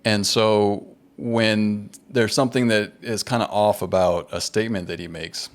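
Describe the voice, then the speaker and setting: A man's voice: fairly low pitch, fairly even intonation, a little slow. A man hosting a podcast conversation, thinking aloud carefully and often restarting his words as he works out a point. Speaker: podcast host. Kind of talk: casual conversation.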